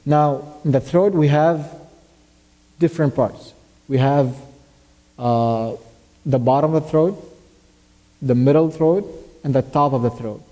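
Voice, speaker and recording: A man's voice: on the high side, unhurried, long pauses, dark tone, in a large hall. Man teaching Quran recitation. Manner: patient, explains step by step and quizzes the student; recites Arabic verses as examples. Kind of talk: tajweed lesson. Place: mosque classroom.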